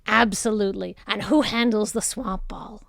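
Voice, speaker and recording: A woman voicing a bossy, scheming female boss with a shrill, loud voice in a tabletop game. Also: steady tone, normal speed, vocal fry, no room sound, clean studio sound, lightly acted.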